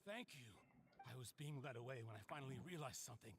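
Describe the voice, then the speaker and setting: A frantic pleading prisoner. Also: male voice, mid-range voice, animated, fast talker, vocal fry, background noise. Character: desperate arrested young man, pleading.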